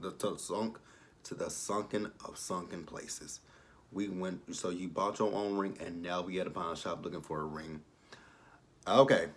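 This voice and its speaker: A man around thirty reviewing a reality show in casual commentary, animated and profane with rambling asides. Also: fairly low pitch.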